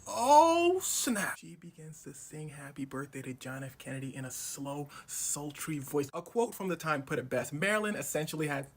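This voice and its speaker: A man telling a history story for comedy, animated and slangy, with a conversational delivery. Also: fairly high pitch, fairly quick, few pauses.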